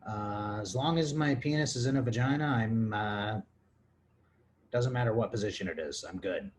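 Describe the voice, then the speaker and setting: A Texas man hosts his own podcast, answering listener questions in a casual, comedic monologue while drunk and rambling crudely. His voice is fairly low and moderately paced, with a little hiss or hum in the background.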